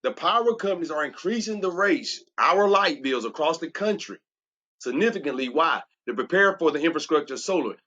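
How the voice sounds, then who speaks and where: A man's voice: on the high side, expressive, a little fast, pushed and bright, highs cut off. A man who works as a transformational coach, giving an emphatic, preachy sales presentation. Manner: preachy, emphatic, repeats "watch this".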